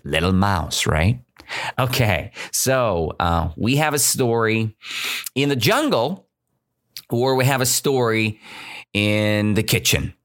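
A man teaching English to learners, reading a fable aloud and then explaining it slowly and deliberately, often checking in with "right?". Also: lowish voice, lively intonation, fairly bright tone.

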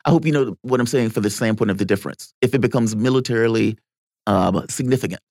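A man's voice: lowish voice, quick pace, a little mellow, no room sound, studio quality. A man co-hosting a political talk podcast, chatting casually, laughing often and slipping into playful impressions. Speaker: podcast co-host.

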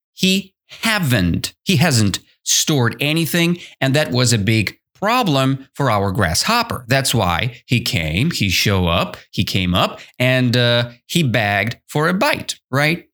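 Lively slow-talking male teacher. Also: mid-range voice. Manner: animated, repetitive, asks listeners questions. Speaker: English teacher, podcast host. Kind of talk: explaining a story in a language lesson.

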